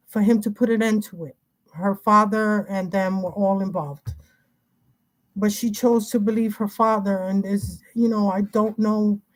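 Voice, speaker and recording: A middle-aged woman talks on a home livestream in an agitated, rambling way. She keeps breaking off and restarting her sentences. Her voice sits at a medium pitch. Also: a little mellow. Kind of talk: casual livestream talk.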